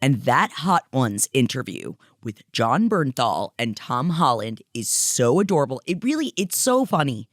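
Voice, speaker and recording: A woman co-hosting a chatty podcast, her pitch swooping up and down as she gushes. She talks close to the mic in a dry, dead room, and slips into acted-out quotes. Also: normal speed, hardly any pauses, no room sound. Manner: animated, gushing, acts out voices. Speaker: podcast co-host. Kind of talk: casual chat.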